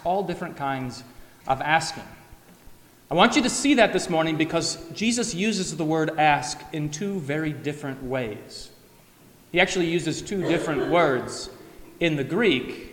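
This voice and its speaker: A man's voice: a little high, fairly bright tone. A pastor giving a conversational sermon in a church, acting out everyday questions as he preaches. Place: church sanctuary. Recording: echoey hall, long reverb.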